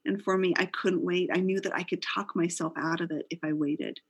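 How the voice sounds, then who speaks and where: A woman's voice: on the low side, fairly even intonation, a little fast, slightly rough. A middle-aged woman, a company founder, earnestly telling the story of how her business began in an interview.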